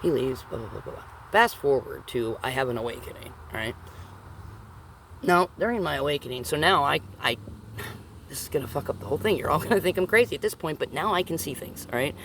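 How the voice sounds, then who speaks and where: Woman storyteller with a gravelly edge, talks in loose, profane, rambling asides to her viewers. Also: low-pitched, animated, quick pace, fairly bright tone, slight background noise. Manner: rambling, profane, checks in with listeners. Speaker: vlogger. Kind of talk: casual storytelling.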